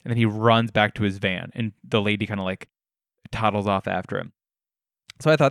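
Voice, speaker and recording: A man's voice: fairly low pitch, fairly even intonation, brisk, fairly bright tone, no echo, studio quality. A young man hosting a casual solo podcast from his living room, telling stories in a wry, self-deprecating way. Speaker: podcast host.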